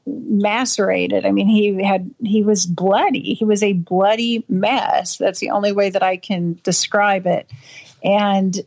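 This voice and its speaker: A woman interviewed about a childhood memory, talking in halting bursts with many restarts and acting out the voices she quotes. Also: mid-range voice, a little mellow. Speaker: interview guest. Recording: dull lo-fi audio.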